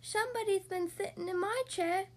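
A woman voicing a small squeaky baby bear in a storybook, yelping. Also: moderate pace. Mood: upset.

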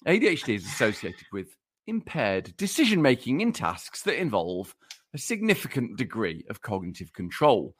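Male podcast co-host, mock-lecturing tease, animated pitch, mid-range voice. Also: normal speed, breathy edge. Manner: teasing, mock-lecturing, laughs while talking. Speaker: podcast co-host presenting research. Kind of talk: casual podcast banter.

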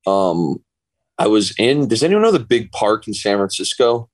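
A man, a guest on a podcast, telling a story in a casual, animated way and acting out what other people said. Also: fairly low pitch, moderate pace, dry recording, rough recording. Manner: animated anecdote teller, acts out other people's lines. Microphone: remote call.

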